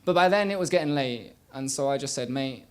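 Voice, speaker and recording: A young man performing a spoken word poem on a small stage, rhythmic, swinging from loud bursts to quiet murmurs. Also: mid-range voice, expressive, fairly quick, clear, resonant tone. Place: small live venue stage.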